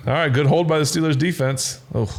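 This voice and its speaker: A man in his forties hosting a casual chat show, telling animated stories and acting out the voices of coaches and teammates. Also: on the high side, a little fast, a little hiss or hum. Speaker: podcast host.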